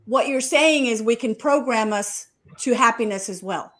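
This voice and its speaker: A woman host on an interview podcast. Her voice sits a bit high, and she works her way toward her questions out loud, picking her words as she goes. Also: moderate pace. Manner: thinks aloud with fillers and restarts, lays out the question at length.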